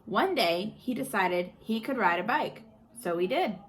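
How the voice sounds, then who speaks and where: A woman teacher reading a picture book aloud in an animated, expressive way. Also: medium pitch, measured pace, slight background noise.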